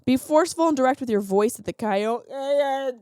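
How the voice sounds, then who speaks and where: A comedian hosting her podcast, a woman giving an animated, sarcastic monologue that keeps jumping into silly voices. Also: high voice, moderate pace, clean tone, dry recording, clean studio sound. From Sicilian heritage, lives in Los Angeles.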